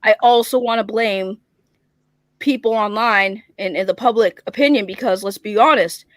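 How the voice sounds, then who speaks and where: A woman with a Boston accent, chatting as a guest on a livestream show, fiery and opinionated, talking fast. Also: mid-range voice, dry recording. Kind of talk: casual chat.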